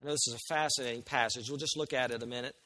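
A man preaching a sermon, swinging from quiet asides to loud, emphatic scripture reading. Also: mid-range voice, steady tone, racing. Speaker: pastor.

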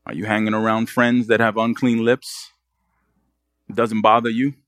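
A man's voice: on the low side, little pitch movement, normal speed, fairly bright tone, no room sound, studio quality. A man preaching a sermon as pastor, pressing the congregation with earnest rhetorical questions.

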